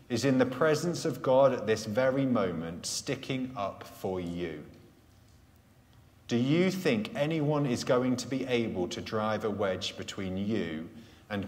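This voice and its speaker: A man preaching a live sermon at a Sunday church gathering, earnest, letting key phrases fall soft and low. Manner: earnest, slows and drops softly on key phrases. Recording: echoey church hall sound.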